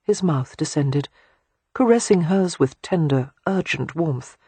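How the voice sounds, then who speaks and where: An audiobook narrator reading a romance novel in a soft, hushed, unhurried way. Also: medium pitch, animated, slightly rough, no echo.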